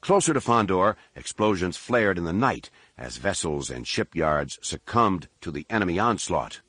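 A man narrating a science fiction audiobook in a steady, measured way. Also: low-pitched, husky, no echo. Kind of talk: scripted narration.

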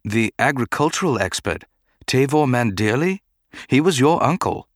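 A man's voice: mid-range voice, normal speed, no room sound, clean studio sound, voice pushed up, natural voice. Obi-Wan, a man voicing a restrained Jedi knight. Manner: calm, restrained and formal. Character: troubled male Jedi knight, measured and reserved.

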